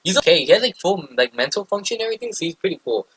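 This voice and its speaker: Young man, podcast host, rambling casual story, quick pace, dry close sound. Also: high voice, big pitch swings, fairly bright tone, breathy edge, no echo, rough recording. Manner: rambling, filler-heavy, frequent swearing.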